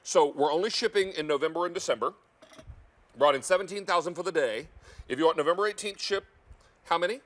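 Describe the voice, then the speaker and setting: A man's voice: a little high, fast, a bit bright. A man hosting a live TV shopping show from a studio kitchen, folksy and enthusiastic about the food. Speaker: TV shopping host. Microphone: earpiece and studio mic.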